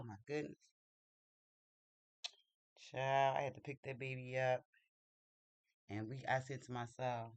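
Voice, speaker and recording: A man telling a personal story in a casual, animated and chatty way, acting out what people said. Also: medium pitch, moderate pace, long pauses, no room sound. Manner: animated, chatty, acts out quotes. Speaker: vlogger.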